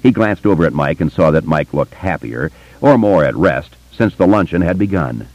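A man reading an audiobook in scripted narration, expressive and varied. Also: deep voice, normal speed, no room sound. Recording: dull, muffled dry recording.

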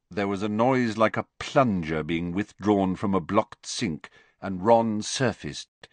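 A man narrating an audiobook with expressive, varied storytelling. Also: lowish voice, takes it slowly, no echo. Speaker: audiobook reader.

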